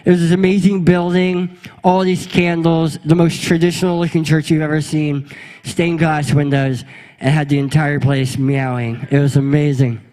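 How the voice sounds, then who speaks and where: Upbeat guy pastor, high voice, goofing around with the church crowd then telling a story. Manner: playful, energetic, leads the crowd in a meowing game. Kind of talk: lively sermon with audience game. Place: church sanctuary before a congregation.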